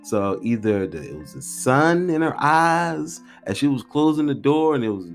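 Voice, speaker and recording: A man in his thirties hosting a podcast, telling stories in a rambling, slangy, animated way. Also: medium pitch, moderate pace, soft background music. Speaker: podcast host. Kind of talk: casual storytelling podcast.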